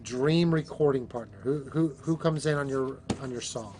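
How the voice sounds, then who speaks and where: A man hosting a live show in a mid-pitched voice, bantering and joking as he reads out viewers' names and hometowns. A faint hiss sits under his voice. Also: moderate pace, darkish tone. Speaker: host.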